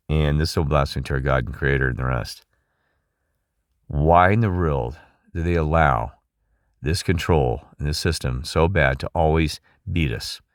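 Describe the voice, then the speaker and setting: Very deep-voiced man, rambling and emphatic. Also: no room sound, clean studio sound. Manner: rambling and emphatic, many restarts, asks listeners questions. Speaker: channel host. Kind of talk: rambling monologue to viewers.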